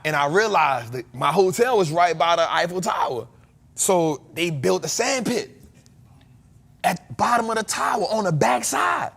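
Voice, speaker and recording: An American man hosting a casual chat, joking and breaking into loud exclamations. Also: high-pitched, lively intonation, a little slow, gravelly, slightly rough. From United States. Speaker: podcast host.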